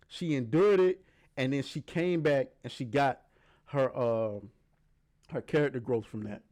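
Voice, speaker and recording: A man's voice: mid-range voice, moderate pace, a little mellow. A man giving heated, argumentative reaction commentary on a video clip, emphatic and swearing often.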